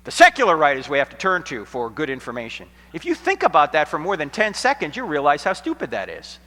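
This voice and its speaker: A middle-aged American man giving an apologetics lecture to college students, telling stories dramatically, sometimes hushed and sometimes nearly shouting, with a sarcastic edge. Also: on the high side, huge pitch swings, fast talker. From United States. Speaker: Christian apologetics speaker. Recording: long hall reverb.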